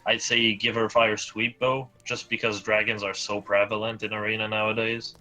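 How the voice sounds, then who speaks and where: A man's voice: fairly low pitch, little pitch movement, normal speed, pushed and bright. A man co-hosting a casual livestream, giving easygoing advice on game builds. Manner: easygoing, advising. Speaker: co-host.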